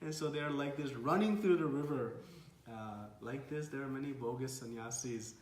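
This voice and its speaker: A man telling a devotional story as a sermon, animated and acting out the characters. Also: medium pitch, moderate pace, roomy sound. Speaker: devotional speaker.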